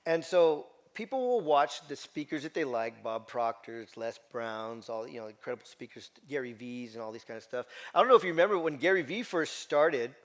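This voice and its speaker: A middle-aged man, a motivational speaker telling a story to a live audience, animated and full of restarts and questions to the crowd. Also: mid-range voice, moderate pace, hardly any pauses. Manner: animated, repeats words and asks the audience questions. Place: stage before an audience.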